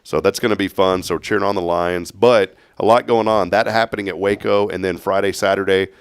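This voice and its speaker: A man's voice: deep voice, steady tone, a little fast, clear, resonant tone, no room sound, studio quality. A man hosting a local morning show, upbeat and joking, laughing often. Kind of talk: casual chat.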